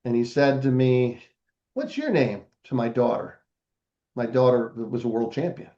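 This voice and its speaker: A man's voice: medium pitch, level tone, moderate pace, warm tone, highs cut off. An older man, a podcast guest, telling a family story in a casual interview and acting out the voices of the people in it.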